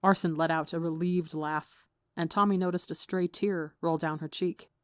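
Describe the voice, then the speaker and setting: A woman narrating a fan fiction story in an even, measured way. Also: low voice, no room sound, studio quality. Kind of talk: audiobook reading of fan fiction.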